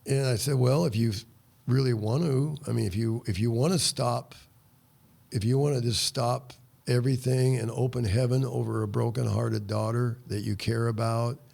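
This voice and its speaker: A man's voice: mid-range voice, fairly even intonation, moderate pace, gravelly, a little mellow. An older man, a guest on a talk show, earnestly tells a story of ministry and acts out his prayers as dialogue. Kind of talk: storytelling testimony in conversation.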